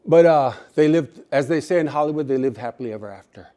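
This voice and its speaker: A middle-aged man telling a story at a community gathering, relaxed and humorous with jokey asides. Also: a little high, fast talker. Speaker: storyteller and speaker.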